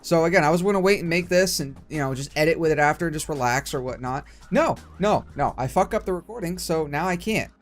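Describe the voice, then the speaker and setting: A man's voice: a little high, fast talker, few pauses, soft background music. A young man hosting a casual let's play, ranting with heavy swearing. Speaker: gaming channel host.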